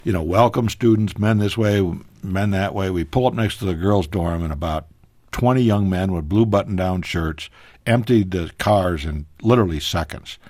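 A man telling a personal story as a guest on a radio talk show, animated, his voice leaping higher at emotional moments. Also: moderate pace, no room sound. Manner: animated, pitch jumping high in emotional moments.

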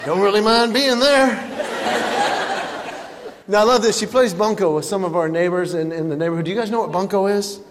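High voiced guy doing standup, family stories, punchy delivery, echoing big hall. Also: a little fast, long pauses. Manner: animated storytelling with punchlines. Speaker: stand-up comedian. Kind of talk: stand-up comedy routine. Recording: reverberant hall with faint ambience.

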